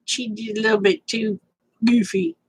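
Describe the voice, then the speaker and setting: A woman's voice: a little high, fairly even intonation, unhurried, a little mellow, husky, poor audio. An older woman, sleepy and yawning, chatting casually on a livestream and answering viewers' comments. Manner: drawling, chatty, reads viewer comments aloud. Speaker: livestream host.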